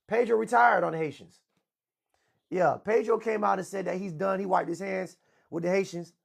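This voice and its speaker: A man speaks with a high, gravelly voice, fairly even intonation and a moderate pace, with a little hiss or hum in the audio. As livestream talk show host, he goes on a loud, profane, bragging rant.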